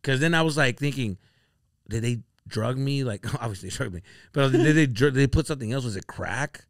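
A man on a comedy podcast telling a story casually, acting out his friends' lines with big jumps in pitch. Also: fast, no echo, studio quality. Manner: animated, acts out quoted friends with sudden jumps in pitch.

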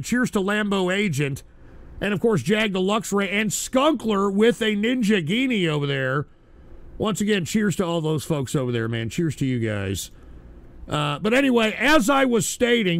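A male live-stream host ranting through broadcast commentary, profane and combative, swinging into shouting at his chat. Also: sits high, dry recording.

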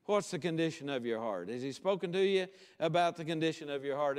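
A male pastor preaching a sermon with emphatic, repeated calls to commitment, easing into a quiet prayer. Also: on the high side, expressive, moderate pace, smooth. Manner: impassioned preaching with rising emphatic repetition, then quiet prayer. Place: church sanctuary. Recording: long church-hall reverb.

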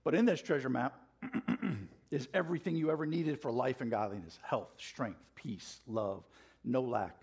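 A man's voice: medium pitch, animated, a little slow, gravelly, a little mellow, breathy edge. A man preaching a passionate sermon in a church, getting fired up and calling out questions to the congregation. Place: church sanctuary.

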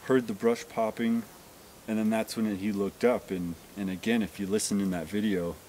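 A man's voice: on the low side, fairly even intonation, normal speed, darkish tone, a little hiss or hum, rough recording. A man outdoors, plainly recounting events in casual conversation. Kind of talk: casual chat.

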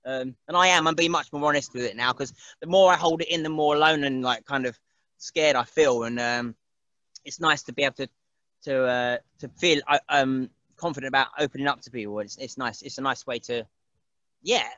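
A man's voice: mid-range voice, a little fast, bright, forceful tone, no echo, dull audio. A man, chatting casually as an interview guest, rambling and laughing often and mimicking other people's voices. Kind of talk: casual chat.

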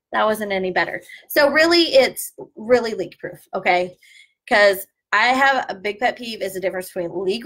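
A woman's voice: a little high, fairly bright tone. A woman, a former flight attendant chatting casually through an unboxing review and sharing travel tips. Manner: chatty, jokey, explains tips.

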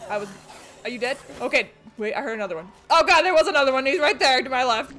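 A young woman streaming a horror game, jumpy and excitable, shrieking and swearing at the game as she plays. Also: high-pitched, fast, over music. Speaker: gaming streamer. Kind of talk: let's play commentary.

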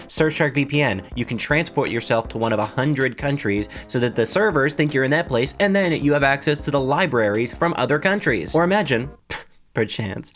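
A man with a mid-range voice running a comedy commentary monologue, full of sarcastic, deadpan asides. He laughs at his own absurd jokes, over faint background music. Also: mid-range voice.

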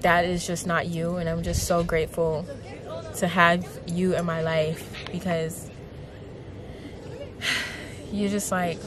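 Young woman vlogger, emotional and gushing, slow lowish delivery, noisy outdoor recording. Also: little pitch movement, a crowd in the background. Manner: heartfelt, gushing, many likes. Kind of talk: emotional casual vlog talk.

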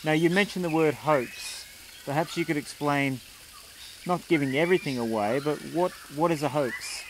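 A man interviewing a guest, encouraging him with quick affirmations. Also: fairly high pitch. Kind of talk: interview questions. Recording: noisy background.

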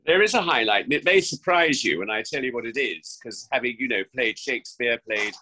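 A West Country actor in his sixties, speaking from home during lockdown, gives a remote interview with lively intonation and a fairly quick pace. His medium-pitched voice has a sharp tone, and he is effusive and theatrical with many restarts, heard through a low-quality recording.

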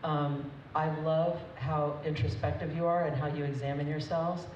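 At the wedding reception, the groom's mother offers an emotional, chatty toast without a script, frequently laughing. She speaks at a moderate pace in a low, level, darkish voice. The hall recording is distant, echoey, and dull, with crowd noise throughout.

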